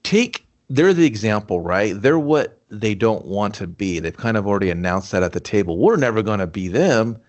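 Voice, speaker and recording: A podcast co-host with a fairly low voice talks at a moderate pace with few pauses during a casual movie review. He animatedly acts out scenes and characters, swearing and laughing along the way.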